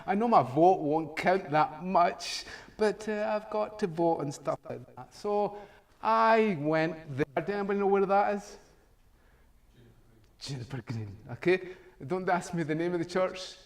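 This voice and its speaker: Man, middle-aged, high-pitched, jokey storytelling with chuckles. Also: expressive, a little slow, vocal fry. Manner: jokey storytelling, chuckles often, acts out dialogue. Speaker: professor giving a meetup talk. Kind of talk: humorous conference talk. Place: meetup venue room.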